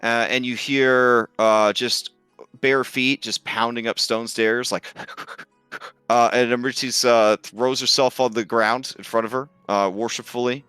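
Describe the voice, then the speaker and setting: A man's voice: medium pitch, fairly even intonation, slow, sharp tone, clean tone, dry recording, soft background music. A man narrating a tabletop game as game master, casual and swearing, with many fillers.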